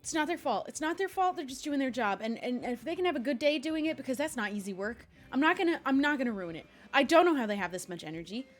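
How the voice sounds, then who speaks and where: A woman's voice: high-pitched, expressive, fast, few pauses, faint music behind. A young adult woman streaming live, chatting casually and rambling, laughing often between complaints.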